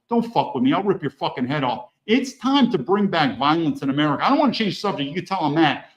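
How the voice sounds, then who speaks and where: A middle-aged man with a slightly high voice rants as a podcast host. He speaks bluntly and heatedly, swearing freely and talking straight to his listeners. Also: poor audio. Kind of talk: angry political rant.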